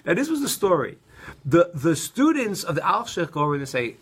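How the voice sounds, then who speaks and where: A middle-aged man teaching a casual Torah class, telling stories with many restarts and animated asides. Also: a little high, brisk, breathy edge.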